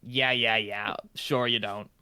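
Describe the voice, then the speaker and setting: A man's voice: lowish voice, steady tone, slow pace, sharp tone, clean tone, heavily acted. A man voicing a goblin librarian who curtly brushes visitors off as a tabletop game master. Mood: scoffing. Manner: curt, bored, brushes people off. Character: aloof goblin librarian, dismissive gatekeeper.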